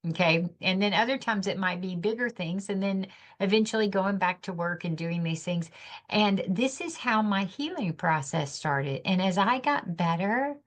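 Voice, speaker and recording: A woman's voice: medium pitch, animated, moderate pace. A middle-aged woman, a podcast guest, telling her personal story of loss in an earnest, emotional, reflective way.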